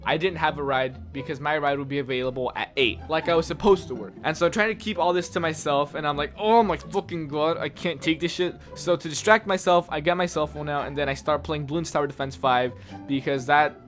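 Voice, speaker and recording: A man's voice: a little high, a little fast, fairly bright tone, soft background music. A man telling a personal story in a casual, exasperated rant full of swearing. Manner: exasperated, profane ranting.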